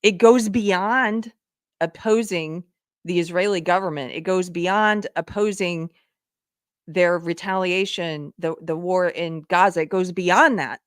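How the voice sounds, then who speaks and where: A woman's voice: fairly low pitch, measured pace, no room sound, studio quality. A woman hosting a live online commentary show, talking in an impassioned way that climbs into exasperated outbursts. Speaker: show host.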